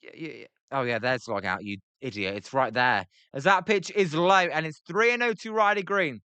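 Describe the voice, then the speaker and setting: This British man's smooth, sharp voice runs on the high side at a moderate pace. He does live baseball play-by-play for a stream, chatting with viewers and scattering filler ums and self-deprecating asides throughout. The recording is dry.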